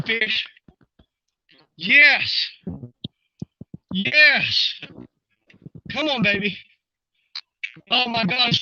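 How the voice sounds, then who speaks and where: Breathless excited man fishing. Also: extremely high pitch, no room sound, highs cut off. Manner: excitable, talks to viewers while reeling in. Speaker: fishing vlogger. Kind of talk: excited live fishing commentary. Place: outdoors at the water's edge.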